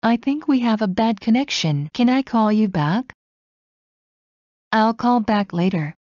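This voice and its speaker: A woman slowly reading everyday English phrases one at a time for learners. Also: on the high side, animated, a little mellow, no echo, lo-fi sound. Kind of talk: slow scripted phrase reading.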